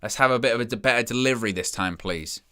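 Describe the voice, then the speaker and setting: A young man giving excitable, chatty live commentary as a fan following a football match. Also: mid-range voice, fast, clear, resonant tone. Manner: excitable, chatty play-by-play with asides.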